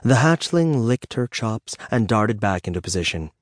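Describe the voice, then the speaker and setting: A man narrating a fantasy audiobook in a measured, even storytelling manner in a studio. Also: lowish voice, no room sound.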